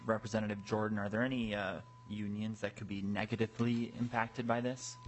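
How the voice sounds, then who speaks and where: Man, legislator, low voice, flat delivery, polite formal questions. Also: fairly quick. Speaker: state legislator asking questions. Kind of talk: committee hearing questioning.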